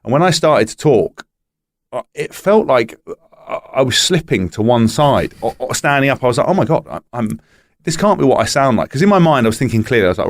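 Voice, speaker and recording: A man's voice: mid-range voice, fairly quick, no room sound. A man telling stories in casual podcast chat, swearing freely and acting out quotes. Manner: animated storyteller, swears freely, acts out quotes. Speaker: podcast guest telling anecdotes.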